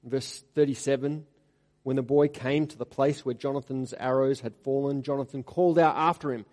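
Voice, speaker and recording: Mellow-voiced preacher in a reverberant hall. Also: male voice, mid-range voice, fairly even intonation, moderate pace. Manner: reads scripture aloud with rising emphasis, then drops to quiet asides. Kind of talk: expository sermon.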